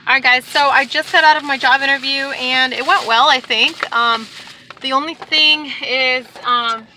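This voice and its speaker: A woman vlogger telling a story to the camera from her car, animated and exasperated as she acts out the people she talks about. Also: sits high, moderate pace, a little hiss or hum. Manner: animated, exasperated retelling with acted-out quotes.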